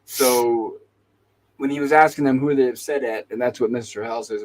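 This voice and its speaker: A man's voice: mid-range voice, fairly quick, darkish tone, low-quality recording. A man hosting a talk show, casually retelling TV episode scenes and quoting the characters' lines. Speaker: podcast host.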